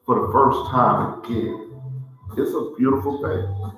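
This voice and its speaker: A man's voice: mid-range voice, unhurried, a bit bright, soft background music. A man hosting a cigar show, talking in a casual heartfelt way and rambling, often repeating himself as he restarts his thoughts. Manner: rambling, repeats "let me say it like this here". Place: large indoor room in a historic building. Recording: very echoey room.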